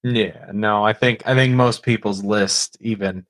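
Man, low voice, podcast guest, relaxed casual chat. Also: unhurried.

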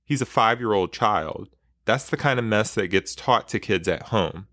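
A fierce, protective young mother speaking in a low, dry-toned voice, as a man reads her lines aloud from a book. She sounds close to the mic, with no room sound around her. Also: expressive, normal speed, a bit bright, dry recording. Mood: angry.

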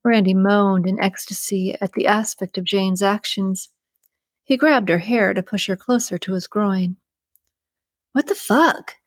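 A woman reading a novel aloud in steady, even scripted narration, close to the mic. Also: mid-range voice, unhurried, no echo. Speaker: audiobook narrator.

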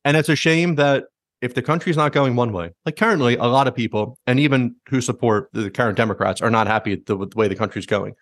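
A man's voice: medium pitch, fast, no room sound. A man hosting a podcast, rambling through strong opinions in a casual, profane way. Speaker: podcast host.

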